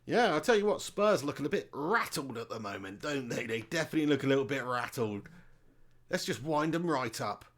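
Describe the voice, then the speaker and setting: A man's voice: mid-range voice, animated, brisk. A man hosting a live football watch-along stream, chatting casually and reading out viewer comments. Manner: chatty, reads out viewer comments, calls them mate.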